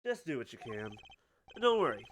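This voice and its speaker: A performer voicing a dry, teasing older male lawyer who talks in an unhurried, knowing way, in a fan voice-over of a game. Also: medium pitch, sing-song, fairly bright tone, slight background noise. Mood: calm. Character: calm, wry older male lawyer mentor.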